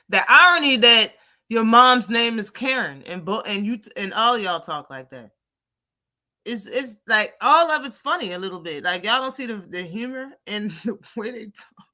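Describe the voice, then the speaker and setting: An animated woman with runs a casual boxing live stream. She talks bluntly, laughs easily and answers her viewers one by one. Her voice is bright and clear. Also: medium pitch, measured pace. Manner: blunt, animated, laughs often, reads out chat. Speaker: boxing talk show host.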